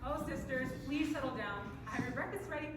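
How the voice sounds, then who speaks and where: A woman's voice: high voice, fast talker, a little hiss or hum, lightly acted. A woman playing a put-upon, self-pitying young Cinderella in a live stage comedy, theatrical and mock-cheerful. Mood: gracious. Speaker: stage actor. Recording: echoey live stage from far off.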